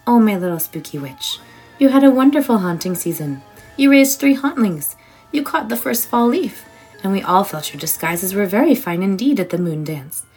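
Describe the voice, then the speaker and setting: A woman voicing a gentle, motherly old female witch who soothes a child in a soft voice. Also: mid-range voice, animated, normal speed, husky, soft background music. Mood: soothing. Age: older.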